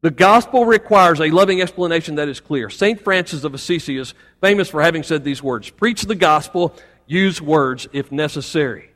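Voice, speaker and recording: A man's voice: a little high, moderate pace, a bit bright. A man preaching a Sunday sermon as pastor, building to emphatic points between folksy asides to the congregation. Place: church sanctuary. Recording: long hall reverb.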